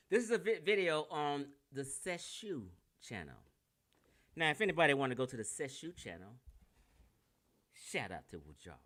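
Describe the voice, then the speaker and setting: A man with a Californian accent delivers a brash, combative, profane lecture on a livestream while sharing his screen. His voice is medium in pitch with a fairly bright tone, and he comes across as an online lecturer.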